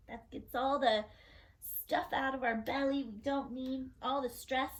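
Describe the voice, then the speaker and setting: A young woman teaching a kids yoga class in a gentle, playful, encouraging way. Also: sits high, low-quality recording. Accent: Californian.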